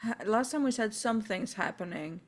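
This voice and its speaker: A woman's voice: mid-range voice, expressive, brisk. A young woman playing a tabletop game, speaking in a dry, exasperated way. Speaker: player.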